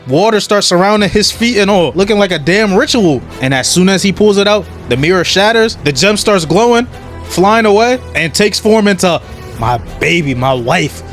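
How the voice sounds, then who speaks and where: Slangy young man roasting a cartoon. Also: high-pitched. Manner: animated, slangy, mocking asides. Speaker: show recap commentator. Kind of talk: comedic episode recap.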